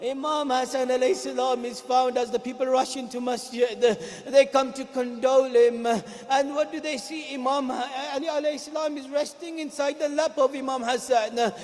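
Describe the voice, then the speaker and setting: High-voiced man chanting a mourning sermon. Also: fairly even intonation, normal speed. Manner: chants and cries out lines in a mourning melody. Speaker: preacher. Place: large mosque hall. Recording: long hall reverb.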